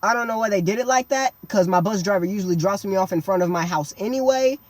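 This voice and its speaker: A woman's voice: medium pitch, quick pace, a little mellow, no echo. A woman telling a comedic storytime monologue in a slangy, dramatic way, breaking into exaggerated yelps.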